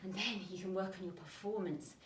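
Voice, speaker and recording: A woman with a British accent leading a children's dance lesson, slightly out of breath, giving gentle, encouraging cues. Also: mid-range voice, brisk, a little hiss or hum. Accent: British English. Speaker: dance teacher. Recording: roomy sound, mic at a distance.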